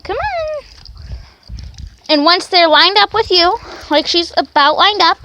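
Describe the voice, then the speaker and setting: Woman vlogger, very high voice, coaxing dog-training demo, faint background hiss. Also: normal speed. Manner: coaxing commands to a dog between explanations. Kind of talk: casual training demonstration.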